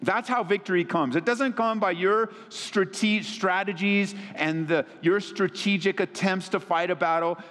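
A fairly high-voiced male pastor preaching a sermon with lively swings in pitch. He sounds like he is in a church sanctuary, with long hall reverb trailing each phrase. His delivery is animated and energetic. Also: unhurried, hardly any pauses.

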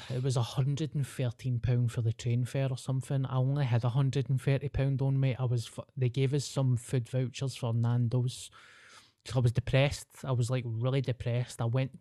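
A stand-up comedian from Glasgow, Scotland, with a Glaswegian accent tells a story in casual podcast chat, rambling, slangy and sweary. His medium-pitched voice is warm, recorded with studio quality and no room sound.

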